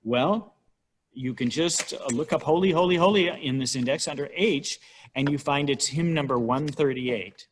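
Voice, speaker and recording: A man's voice: normal speed, a little hiss or hum. Wry, chatty man explaining hymnals. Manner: chatty and wry, counting syllables aloud with rising pitch. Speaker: church musician giving a talk on hymnals. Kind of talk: informal church lecture.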